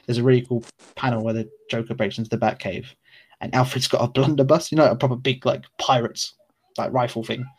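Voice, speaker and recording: A man's voice: medium pitch, steady tone, fairly quick. Rambling man chatting casually. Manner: rambling, enthusiastic, slangy. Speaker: podcast co-host. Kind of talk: casual chat.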